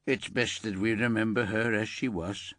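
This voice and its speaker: A man's voice: on the low side, fairly even intonation, moderate pace, a bit bright, dry recording, clean studio sound, natural voice. A man playing a frail older father stricken with grief, in a thriller audiobook. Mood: grieving. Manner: angry then breaking.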